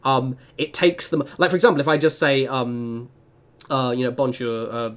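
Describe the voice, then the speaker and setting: A man's voice: medium pitch, moderate pace, a bit bright. A young man chatting casually while playing a game on stream, rambling with lots of fillers and self-deprecating asides. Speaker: gaming streamer.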